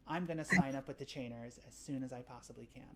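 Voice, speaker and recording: A woman's voice: very deep voice, fast, noisy background. A woman voicing a gushing young idealist girl. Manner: gushing, breathless enthusiasm.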